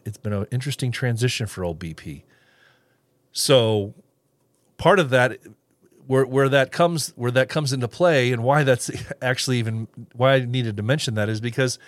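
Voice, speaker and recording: A man's voice: medium pitch, no room sound. A man hosting a casual solo podcast, rambling with restarts and little chuckles as he reads live comments. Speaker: podcast host.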